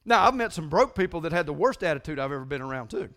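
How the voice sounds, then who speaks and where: A man's voice: a little high, expressive, fast talker. Earnest middle-aged male pastor preaching. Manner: earnest, confessional, urges a quiet congregation. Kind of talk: sermon. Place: church sanctuary.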